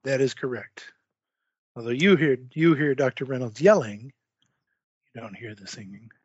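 A man narrating as game master of a tabletop horror game over an online call, calm and measured. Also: medium pitch, husky, no room sound. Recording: dull online call audio.

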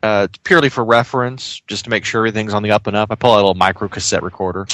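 A man's voice: lowish voice, fairly even intonation, racing, a bit bright, no room sound. A man playing a tabletop game as an investigator, talking playfully and correcting himself often. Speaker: player.

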